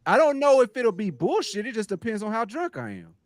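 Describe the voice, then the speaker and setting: A man's voice: high-pitched, very animated, brisk, no room sound. A man co-hosting a casual podcast, joking around in an irreverent, laid-back way. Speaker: podcast co-host.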